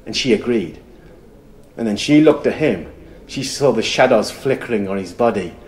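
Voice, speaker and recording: A man storyteller telling a folk tale to a camera, building rhythm through repeated phrases and dropping to soft murmurs. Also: lowish voice, lively intonation, normal speed, slight background noise.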